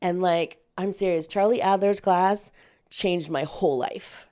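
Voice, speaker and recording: A woman voice actress talking as a podcast guest, telling stories in an animated, expressive way with big swings in pitch. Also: measured pace. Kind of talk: casual podcast chat.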